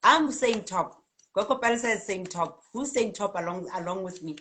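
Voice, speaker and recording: A South African woman hosting a live spiritual card-reading stream, reading out viewers' comments in a lively, chatty way and laughing often. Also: medium pitch, moderate pace. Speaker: spiritual healer and card reader.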